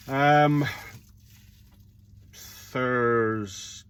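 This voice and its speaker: A middle-aged man chats to camera from his parked van. He is blunt and rambling, and he swears casually as he goes through his working day. Faint vehicle noise runs behind his steady, mid-pitched voice. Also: extremely slow. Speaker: self-employed van courier. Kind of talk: casual vlog monologue.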